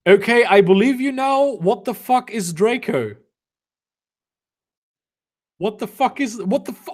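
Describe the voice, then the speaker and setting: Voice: medium pitch, lively intonation, a little slow, pauses often. Sarcastic, swearing comedic reader. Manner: sarcastic, exasperated, swears often. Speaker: fanfiction reader and commentator. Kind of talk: comedic dramatic reading with commentary.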